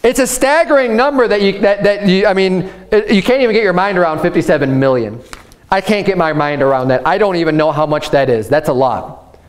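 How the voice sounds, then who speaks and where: A man from the United States delivers an impassioned sermon as pastor in a high voice at a fairly quick clip, tripping into restarts and repeated words while pressing his point.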